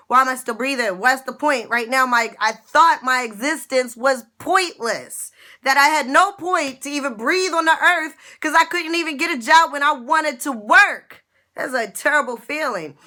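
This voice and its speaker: A middle-aged woman with a bright, tense voice sitting a little high, telling her own story straight to the viewer. She talks earnestly and repeats phrases for emphasis in an emotional testimony. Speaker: online business vlogger.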